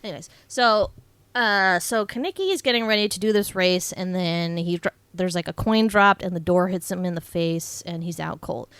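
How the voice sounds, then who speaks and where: A woman's voice: lowish voice, moderate pace, fairly bright tone, clean tone, no echo. A young woman chatting through a movie recap on a podcast, swearing freely and peppering everything with "like" and "um". Her voice is recorded dry and close, with no room sound. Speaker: podcast co-host. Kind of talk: casual chat recapping a movie.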